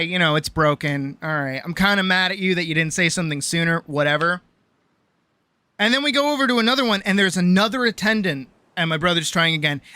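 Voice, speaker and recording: A young adult woman streamer telling a story in a casual, animated rant, swearing often and full of fillers. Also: mid-range voice, no room sound.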